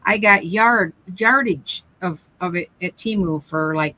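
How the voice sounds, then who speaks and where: An older woman hosts a relaxed craft live stream, rambling through family tales and frequently restarting as she chats. She talks at a measured pace in a fairly low voice with a bright, forceful tone, over slight background noise and poor audio.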